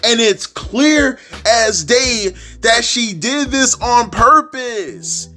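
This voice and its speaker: A man's voice: extremely high pitch, animated, extremely slow, bright, forceful tone, faint music behind. A young man ranting as a YouTube wrestling commentator, profane, repetitive and exasperated.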